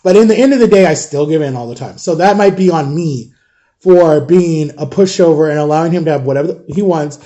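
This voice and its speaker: High, mellow-voiced man rambling in frustration. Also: brisk. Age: 30s. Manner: rambling, exasperated, swears casually. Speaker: father vlogging about parenting. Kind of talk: casual storytime vlog.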